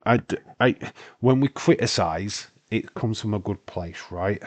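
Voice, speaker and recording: Scottish man, young adult, low-pitched, stuffy nose, rambling sweary live-stream chat. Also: measured pace. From Britain. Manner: rambling, sweary, laughs often. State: congested from hay fever. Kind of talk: casual live-stream watch-along chat.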